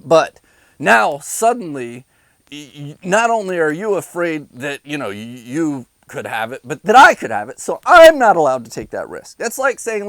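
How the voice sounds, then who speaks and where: A man's voice: high-pitched, very animated, moderate pace, dry recording, poor audio. A man delivering an angry, sarcastic rant to his viewers, insulting them between bitter laughs. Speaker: vlogger. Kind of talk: angry ranting monologue.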